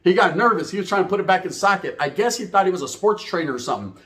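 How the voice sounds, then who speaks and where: A man's voice: sits high, racing. A man from California, telling a comedic street story with heavy slang and acting out every character. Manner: animated, acts out voices, heavy Chicano slang. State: out of breath.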